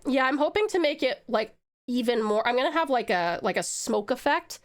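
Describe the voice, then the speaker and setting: Chatty woman streamer, slightly high. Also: expressive, a little fast. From Tasmania, Australia. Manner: chatty and rambling, addresses chat directly. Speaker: livestreamer and artist. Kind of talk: casual livestream chat while drawing.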